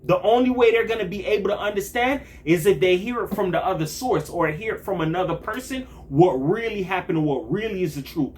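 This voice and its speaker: A young man giving a blunt, animated monologue full of street slang and profanity, acting out other people's voices as he tells his story. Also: sits high, brisk, few pauses. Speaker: vlogger. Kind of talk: casual monologue to camera.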